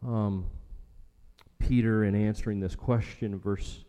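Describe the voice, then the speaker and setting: A man's voice: fairly low pitch, steady tone, slow pace, dark tone, clear, resonant tone. A man preaching a sermon as a pastor, emphatic and rhetorical, repeating his key lines for weight. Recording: long hall reverb.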